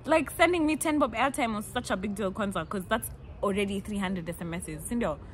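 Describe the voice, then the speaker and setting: Kenyan girl in her 20s vlogging, animated and playful, bit of faint hiss behind. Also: mid-range voice, fairly quick. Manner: animated, playful, laughs often, acts out quotes. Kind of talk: casual storytelling.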